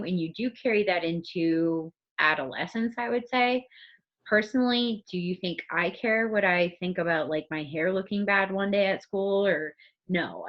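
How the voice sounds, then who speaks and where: A woman teacher co-hosting a casual literature podcast, thinking aloud and reading passages from the book. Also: on the low side. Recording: muffled recording.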